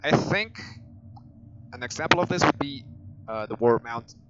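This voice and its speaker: A man's voice: mid-range voice, animated, moderate pace, a bit bright, highs cut off, slight background noise. A man with a heavy Spanish accent streaming a video game, chatting casually and thinking aloud with frequent restarts. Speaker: gaming streamer. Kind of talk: casual gameplay chat. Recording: game music behind the voice. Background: game music.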